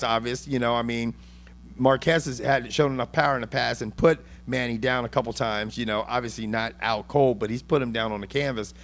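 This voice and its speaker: A man's voice: mid-range voice, fairly bright tone. Profane rambling male boxing host. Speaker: podcast host. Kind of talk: casual chat, boxing talk.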